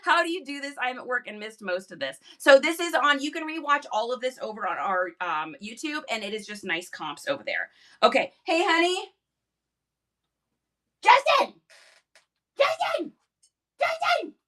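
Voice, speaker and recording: A woman hosting a casual live stream, bubbly and excitable, talking into a phone. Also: brisk. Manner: bubbly, excitable, high-energy. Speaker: live-stream reseller host.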